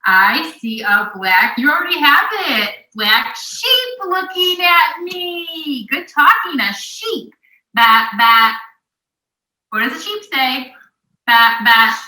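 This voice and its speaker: Woman, high and lively, reading aloud to a small child, encouraging, slow sing-song, roomy off-mic sound. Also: recorded from a distance. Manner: animated and encouraging, with playful animal sounds. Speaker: adult reading a picture book aloud to a young child. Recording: echoey room, voice off-mic.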